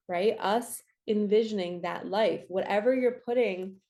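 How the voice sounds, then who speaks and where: Warm, mellow-toned woman, spiritual coach, chatty encouraging tarot reader. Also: mid-range voice. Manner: upbeat, encouraging, chatty with quick asides. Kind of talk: casual tarot reading monologue.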